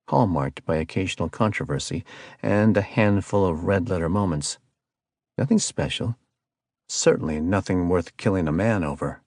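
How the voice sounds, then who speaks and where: A man narrating a thriller audiobook in a steady, measured way. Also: deep voice, vocal fry, no room sound, studio quality. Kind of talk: scripted narration.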